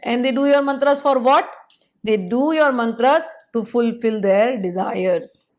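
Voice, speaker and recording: Woman, lecturing teacher, measured, explanatory, slightly high pitch. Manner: explanatory, measured, pausing to spell out syllables. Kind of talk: spoken lecture.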